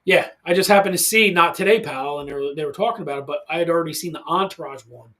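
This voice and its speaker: Man, 40s, podcast host, casual chat, animated storyteller, slightly high voice, studio. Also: quick pace. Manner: animated storyteller, loud when acting out quotes.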